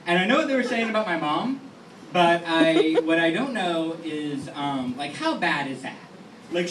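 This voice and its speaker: A young man in his twenties tells stories on a lounge stage, rambling and self-deprecating, his voice sitting a touch high. The recording catches him from across an echoey room. Steady noise hangs under everything. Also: recorded from a distance. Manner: rambling, self-deprecating, many fillers and restarts. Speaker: stand-up comedian. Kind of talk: stand-up comedy set. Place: small lounge venue with a live audience. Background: room ambience and audience noise.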